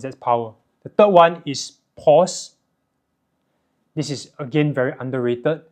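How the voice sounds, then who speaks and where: A young Singaporean man with a Singaporean English accent, teaching sales and communication skills in an energetic, emphatic way, often checking in with a quick "right?". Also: a little high. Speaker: sales and self-help educator. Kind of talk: direct-to-camera teaching monologue.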